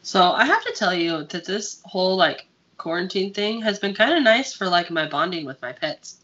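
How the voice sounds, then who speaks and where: A woman co-hosts a laid-back podcast, wandering through her stories with plenty of fillers and the odd curse word. Her voice is bright, and the recording is dull and lo-fi. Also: fairly low pitch, expressive, normal speed. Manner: rambling, filler-heavy, profane. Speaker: podcast co-host. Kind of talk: casual chat.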